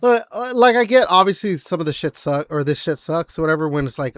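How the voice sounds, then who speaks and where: A man with a fairly high voice chats casually on a gaming podcast, rambling through loose sentences packed with fillers and frequent swearing. His voice sits close and dry on the mic, with no room sound around it. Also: lively intonation, a little fast, few pauses, dry recording. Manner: rambling, filler-heavy, profane. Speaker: podcast co-host.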